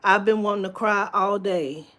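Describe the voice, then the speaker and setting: A woman's voice: medium pitch, normal speed, bright, forceful tone. A woman chatting on a live stream from home, rambling and candid, swearing freely with lots of fillers. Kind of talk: casual live-stream chat.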